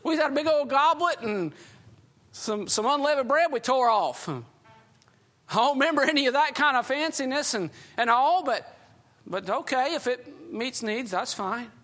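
A preacher doing a folksy old Apostle Paul. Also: male voice, very high-pitched, lively intonation, unhurried, fairly bright tone, exaggerated voice. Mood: puzzled. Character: the Apostle Paul, an old man, friendly and curious.

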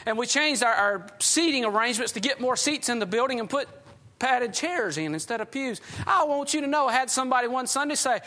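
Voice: mid-range voice, sharp tone. A pastor preaching a sermon in a folksy, storytelling way, often chuckling.

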